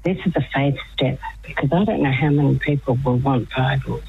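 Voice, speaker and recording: A woman guest on a radio show telling a personal faith story, chatty, laughing often and sometimes dropping to a hushed whisper. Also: rumbling low, fairly quick, vocal fry, breathy edge, narrow, tinny audio, faint music behind. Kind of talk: radio phone-in chat about faith.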